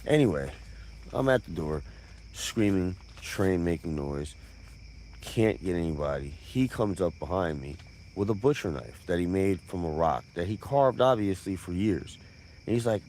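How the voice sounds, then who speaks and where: A man's voice: sits low, very animated, measured pace, a little mellow, slight background noise. A man telling a profane comic tall tale on a live stream, with conversational asides.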